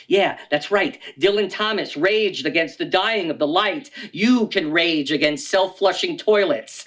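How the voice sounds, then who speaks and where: A man in his sixties reads comic poems aloud at a bookstore event. His delivery is wry and dry, and it jumps now and then into loud, high outbursts. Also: expressive, moderate pace, hardly any pauses. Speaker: poet. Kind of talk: live poetry reading. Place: bookstore reading.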